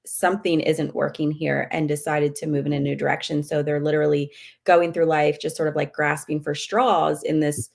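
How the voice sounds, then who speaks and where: Low, gravelly-voiced woman guest. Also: little pitch movement, brisk, darkish tone. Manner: candid, acts out her own outbursts. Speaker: spiritual medium, guest. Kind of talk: casual livestream chat.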